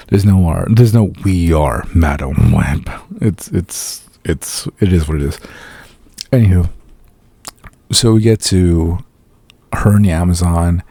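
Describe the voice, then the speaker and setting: A podcast host with a low, dark voice gives a casual solo film review, ranting profanely and sarcastically. He mimics characters in quick asides, and the recording has no echo.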